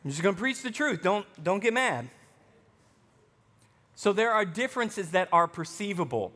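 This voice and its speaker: Male pastor, Arkansas-raised with a faint Southern lilt, high voice, conversational sermon with humor, long reverb in a church. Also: very animated, moderate pace, sharp tone. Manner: conversational preaching with joking asides.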